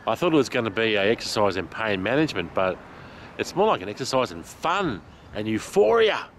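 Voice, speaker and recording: A man vlogging outdoors while walking, out of breath, excited and chatty, laughing often. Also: on the low side, brisk, slight background noise. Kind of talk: casual vlog while walking. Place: outdoors in a park.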